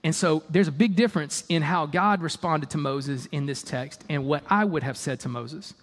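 A man's voice: a little high, normal speed, long reverb tail. A man preaching a sermon in a conversational, emphatic way, with mock-exasperated asides.

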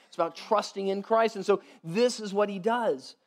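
A man with a high voice gives a sermon in a relaxed, chatty manner. He checks in with the room often and sometimes goes quiet and soft for emphasis. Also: normal speed. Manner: conversational, with many "like" and "right?". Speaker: pastor.

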